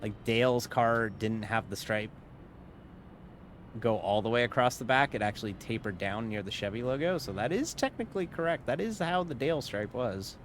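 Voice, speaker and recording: A man's voice: medium pitch, moderate pace, slight background noise. A man casually commenting while streaming a sim race, rambling and joking and laughing often.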